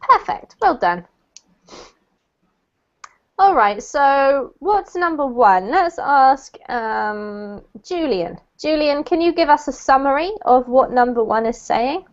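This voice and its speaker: A woman's voice: sits high, lively intonation, slow pace, muffled recording. A woman teaching an English lesson, patiently explaining meanings and word stress to her students. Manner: patient, explains pronunciation step by step. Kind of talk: online language lesson.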